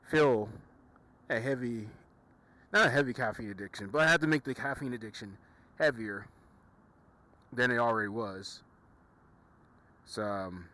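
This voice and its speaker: A man's voice: fairly low pitch, sharp tone. A young man talking casually to his camera, rambling and often correcting himself, sounding tired. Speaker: YouTuber. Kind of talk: casual vlog monologue.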